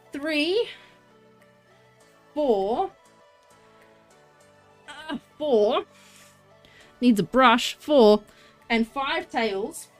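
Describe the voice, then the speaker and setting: High-voiced excitable woman streamer. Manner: chatty, excitable, greets viewers warmly. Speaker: livestreamer. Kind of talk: casual live-stream chat while crafting.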